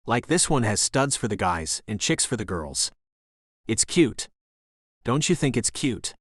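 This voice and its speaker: A man's voice: mid-range voice, sing-song, unhurried, a bit bright, breathy edge, no echo, clean studio sound, exaggerated voice. A man voicing a chirpy young Southern woman singer with a thick Southern US accent and a folksy twang. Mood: chatty.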